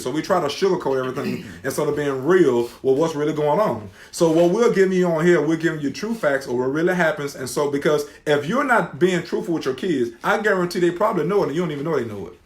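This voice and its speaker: Brief: middle-aged male co-host, loud and restless, raised voice, roomy sound. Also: fairly high pitch. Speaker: co-host of a faith talk show. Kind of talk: loud, preachy casual talk. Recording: roomy echo.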